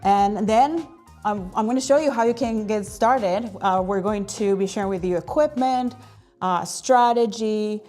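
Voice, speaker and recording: Energetic chatty woman hosting a live stream. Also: mid-range voice, measured pace, faint music behind. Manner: energetic, chatty, many fillers. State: out of breath. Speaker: host.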